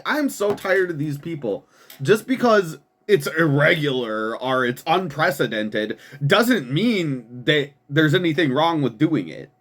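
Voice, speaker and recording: A man hosting a political commentary show, ranting angrily and profanely, often repeating words and laughing with scorn. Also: mid-range voice. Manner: reads quoted statements in a quick flat voice. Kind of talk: angry political commentary, reading and reacting to statements.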